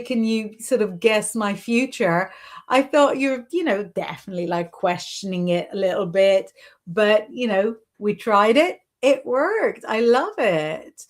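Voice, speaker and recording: An unhurried woman with a mid-range voice chats through a live stream, reading out viewers' comments and offering intuitive readings. Her talk is loose and encouraging, sprinkled with "sort of" and "you know". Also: medium pitch.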